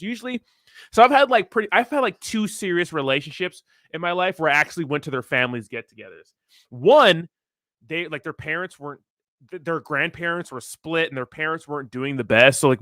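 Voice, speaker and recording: A man's voice: on the high side, fairly bright tone, no echo, clean studio sound. A man in his thirties hosting a casual livestream, chatting with his viewers in a rambling, profane, laid-back way and laughing often. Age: 30s. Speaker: crypto streamer reading chat.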